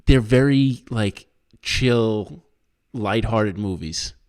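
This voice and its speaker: A man's voice: fairly low pitch, very slow, darkish tone. A man in his thirties hosting a podcast, rambling through a list of favorite films in casual chat, swearing and laughing often. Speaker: podcast host.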